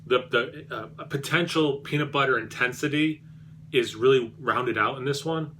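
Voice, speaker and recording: A man's voice: medium pitch, moderate pace, bright, forceful tone, slight background noise. A man reviewing beer on his vlog, rambling and self-deprecating, with many fillers and restarts.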